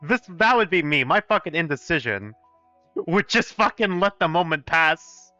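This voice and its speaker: A young man streaming his first playthrough of a visual novel, reading the text aloud and commenting to chat in an animated, profane way. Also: on the high side, moderate pace, dry recording, highs cut off, faint music behind. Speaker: gaming streamer. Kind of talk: live let's play, reading aloud and commenting.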